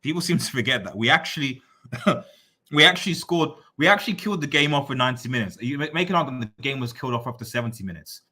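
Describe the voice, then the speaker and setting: A man's voice: medium pitch, fast. A man live-streaming, reading out viewer comments and answering them in a teasing, repetitive running rant. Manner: repeats phrases, teasing, excitable rants. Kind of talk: casual live-stream chat.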